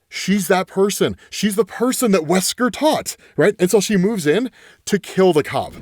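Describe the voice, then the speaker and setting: Man, animated comic explainer, lively pitch, dry close sound. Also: no room sound. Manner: animated storyteller, acting out quotes, filler "right?". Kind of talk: casual retelling of a comic story.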